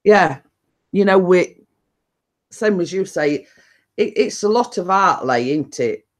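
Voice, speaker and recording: A woman hosts a live chat stream, rambling loosely with lots of fillers and repeated phrases like "you know" and "I mean" in casual chat. Her voice is fairly low with lively intonation, and she takes it slowly.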